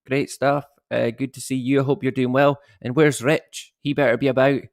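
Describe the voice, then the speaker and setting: Greeting viewers from home, a man in his thirties hosts a livestream with casual chatter, joking at his own expense, swearing freely, and laughing often. His medium-pitched voice is level and moderately paced, captured in studio quality with no echo.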